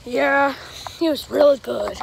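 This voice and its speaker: A woman's voice: high-pitched, creaky, background noise. Breathless playful woman voicing toys outdoors. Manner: playful, halting, with many fillers. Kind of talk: casual toy-play vlog. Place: outdoors on a hill.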